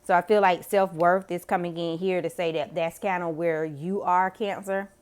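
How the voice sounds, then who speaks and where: A woman's voice: lowish voice, fairly even intonation, normal speed, darkish tone. A woman giving a casual tarot reading to camera, chatty, slangy and freely profane. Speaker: tarot reader.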